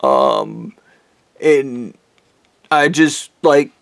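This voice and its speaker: A man's voice: mid-range voice, wildly swooping pitch, extremely slow, vocal fry, fairly bright tone, clean tone, dry recording. A man ranting angrily and bitterly, swearing heavily as he tells a personal story. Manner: angry, bitter, heavy swearing. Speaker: vlogger. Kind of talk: profane personal rant.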